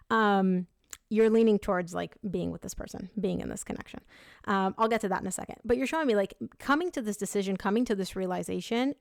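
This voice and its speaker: A woman reads tarot cards in a chatty, upbeat way, speaking straight to her viewers. Her voice sits at a middle pitch. It is close and dry, with no room echo. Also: creaky. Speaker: tarot reader. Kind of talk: tarot reading monologue.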